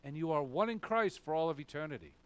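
A man's voice: fairly high pitch, expressive, quick pace, fairly bright tone, no room sound. A male pastor preaching a sermon, emphatic, asking questions and answering them himself. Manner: emphatic, asks and answers his own questions.

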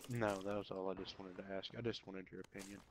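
American man, low voice, gaming voice chat, teasing jokes, headset, noisy line. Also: level tone, fast. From United States. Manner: joking, teasing. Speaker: gamer in a voice chat. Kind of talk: casual gaming banter.

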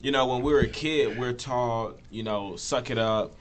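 A man's voice: medium pitch, moderate pace, over a noisy crowd. A man on a podcast making a point emphatically in casual chat, often checking that the others agree. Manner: emphatic, keeps asking for agreement. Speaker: podcast host.

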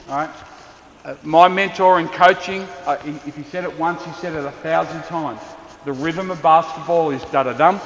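A male basketball coach with an Australian accent, running an on-court clinic with quick, encouraging instructions to players. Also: sits high, a bit bright, a little hiss or hum. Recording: echoey gym, dull lo-fi sound. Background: balls bouncing, faint gym ambience.

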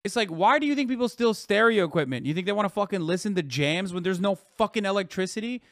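Brief: high-pitched male streamer, fervent profane rant, dry close sound. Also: animated, fast, a bit bright, no echo. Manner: fervent, swearing, ranting rhetorical questions. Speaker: streamer reacting to a clip. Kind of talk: profane heated commentary.

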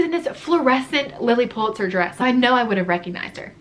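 A woman's voice: a little high, animated, a little fast, few pauses, fairly bright tone. Chatty young woman telling a storytime. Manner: chatty, fillers like "like" throughout. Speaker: vlogger. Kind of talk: casual storytime chat.

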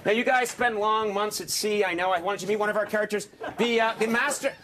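A man hosting a late-night talk show, leading a brisk, joking backstage tour of the TV studio with mock-bossy banter. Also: high-pitched. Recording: loud crowd and noisy ambience.

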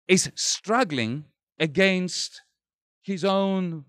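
Animated middle-aged man giving a talk. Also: fairly high pitch, no room sound, studio quality. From Greece. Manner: expressive, builds points rhetorically. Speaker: author speaking at a bookstore event. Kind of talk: public talk. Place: bookstore event room.

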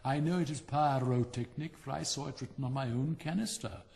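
A man's voice: medium pitch, brisk, creaky, a little mellow, long reverb tail, lightly acted. A man voicing a fussy, pedantic male Bengal Light firework for a storybook. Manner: fussy, correcting.

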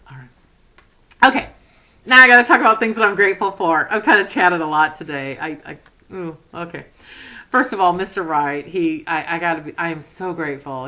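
A woman's voice: medium pitch, a bit bright, poor audio. A middle-aged woman talks to her viewers from home in an easy, chatty vlog. She gushes and rambles, breaks off mid-sentence to start over, and laughs along the way. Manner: gushing, rambling, restarts sentences, laughs often. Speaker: cross-stitch vlogger.

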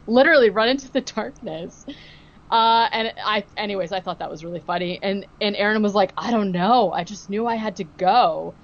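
This woman co-host recaps a TV episode on a podcast in casual, animated storytelling, acting out the quotes and saying "like" and "um" a lot. Her medium-pitched voice moves at a moderate pace, and the recording is muffled.

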